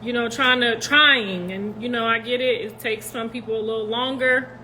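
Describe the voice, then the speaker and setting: Middle-aged grandmother vlogging to camera, slightly high and bright tone, earnest with lots of "you know" restarts. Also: fairly even intonation, slight background noise. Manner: halting and rambling, full of "you know" restarts; earnest, apologetic yet defensive. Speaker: grandmother addressing viewers. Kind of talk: casual talk to camera.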